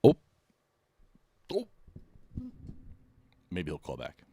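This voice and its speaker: A man's voice: very deep voice, huge pitch swings, drawn-out words, mellow, a little hiss or hum. A man hosting a podcast in casual chat, jokey and laughing as he talks in bursts. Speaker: podcast host.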